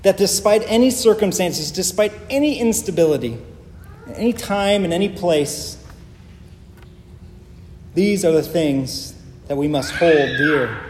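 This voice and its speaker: A man preaching a sermon as pastor, earnest and emphatic, with deliberate pauses. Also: high voice, expressive, a little mellow, slight background noise. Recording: echoey hall with faint ambience.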